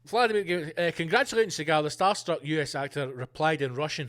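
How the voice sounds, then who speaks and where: High-pitched, profane male ranter. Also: fairly quick. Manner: loud, profane, animated ranting. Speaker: podcast host. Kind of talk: comedic rant.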